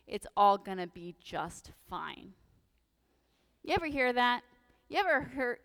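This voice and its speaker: A woman priest giving a lively, humorous sermon in a church, full of animated, sarcastic asides. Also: a little high, smooth, big-room sound. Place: church sanctuary.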